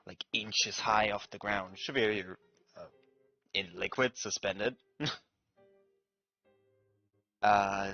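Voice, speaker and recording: A man narrating as game master, in a hushed and halting way. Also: lowish voice, no room sound, dull audio. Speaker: dungeon master.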